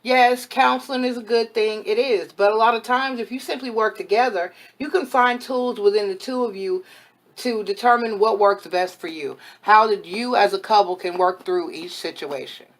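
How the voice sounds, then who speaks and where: A woman's voice: medium pitch, normal speed. Frank chatty woman reading tarot. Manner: frank, chatty, blunt and motherly advice. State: voice worn from overuse. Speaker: tarot reader and spiritual advisor. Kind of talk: casual tarot reading to camera.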